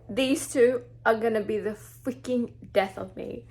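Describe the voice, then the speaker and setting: Young woman, fairly high voice, book vlogger; excitable, gushing fan energy, casual profanity. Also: a little slow, gravelly, hardly any pauses. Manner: gushing, excitable, swears freely. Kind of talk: casual reading vlog.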